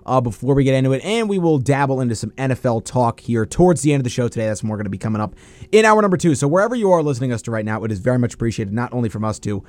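Young male sports radio host, lively rundown, student-station feel. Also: mid-range voice, very fast. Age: young adult.

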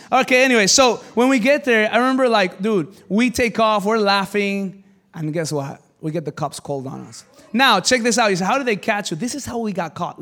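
High-voiced pastor telling a lively story. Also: male voice. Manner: animated, jokey storyteller who swings from loud exclamations to quiet asides. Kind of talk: sermon with personal storytelling. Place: church service before a congregation.

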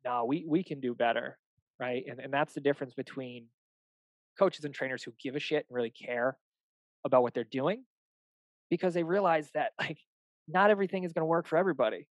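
A man's voice: fairly high pitch, a little fast, dry recording, rough recording. A young adult man, a fitness coach, chatting casually and animatedly, acting out little dialogues with clients and swearing now and then. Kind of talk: casual podcast chat.

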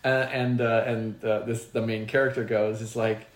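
A man with an average-pitched voice co-hosts a casual chat, wandering through his points with lots of ums and restarts. The sound is roomy and echoey. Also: little pitch movement, a little slow. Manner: rambling, many ums and restarts. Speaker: podcast co-host.

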